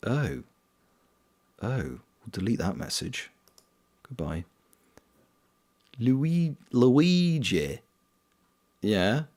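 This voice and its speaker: Welsh-raised guy streaming a game, chatty and rambly, lowish voice but very animated. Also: slow pace, long pauses, breathy edge. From Wales. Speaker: streamer and voice actor. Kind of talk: casual live-stream chat while gaming, reading chat aloud.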